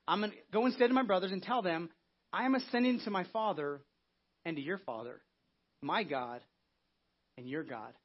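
A man's voice: high voice, animated, normal speed, long pauses, muffled recording. A man preaching an Easter sermon as pastor in a conversational way, acting out biblical quotes. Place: church.

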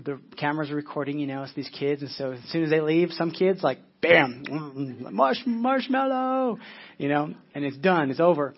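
Husky-voiced man preaching a sermon. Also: on the high side, dull audio. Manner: earnest, repeats words while searching for them. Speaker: pastor.

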